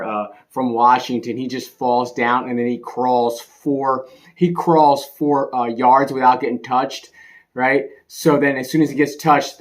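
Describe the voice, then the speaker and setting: A man in a casual, rambling rant about a bad game, sarcastic and laughing, swinging between loud outbursts and muttering. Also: medium pitch. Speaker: sports commentary vlogger.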